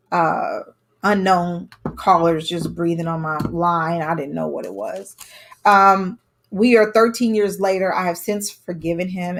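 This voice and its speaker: Candid woman telling her story. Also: fairly low pitch. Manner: candid, conversational, with emphatic quoted dialogue. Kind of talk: personal storytelling to camera.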